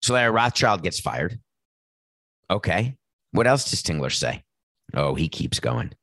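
In an animated sports commentary monologue, the host gets worked up and sarcastic while acting out back-and-forths among team officials. His voice is low-pitched and sing-song with a fairly bright tone, a little slow, and the recording is dry.

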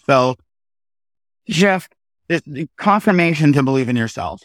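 Animated male theater performer, dry sound. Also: a little high, dry recording. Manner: animated storytelling, quick asides. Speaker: guest, Broadway performer. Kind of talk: casual interview chat.

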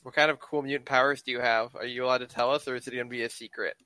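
A man's voice: medium pitch, fairly even intonation, rapid-fire, sharp tone, no echo. A man playing in a tabletop game, chatting casually with wry, teasing asides. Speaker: player. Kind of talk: casual chat.

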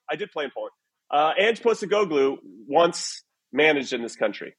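A man's voice: on the high side, big pitch swings, normal speed, fairly bright tone, slightly rough. A man hosting a casual soccer podcast, upbeat and playful as he runs a word quiz with his co-hosts over a video call. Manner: upbeat, playful quizmaster banter. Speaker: podcast host. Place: away from his usual recording spot.

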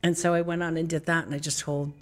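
A woman's voice: deep voice, fast. A middle-aged woman telling stories in an interview, acting out the voices of people she quotes. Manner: lively storyteller who acts out quoted voices. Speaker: actress and comedian as guest. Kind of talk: candid interview storytelling.

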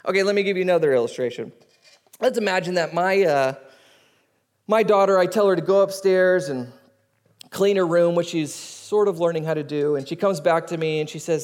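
High-voiced animated male pastor. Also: fairly quick. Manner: animated storytelling, acting out voices. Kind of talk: sermon.

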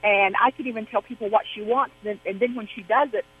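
Woman, radio caller, husky voice, rambling chatty delivery, muffled phone line. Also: mid-range voice, steady tone, fast talker. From Arizona, USA. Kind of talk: phone-in question. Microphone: telephone.

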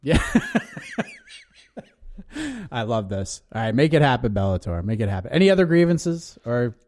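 A man co-hosting a casual podcast, talking in animated bursts and ranting with excitement. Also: mid-range voice, normal speed. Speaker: co-host.

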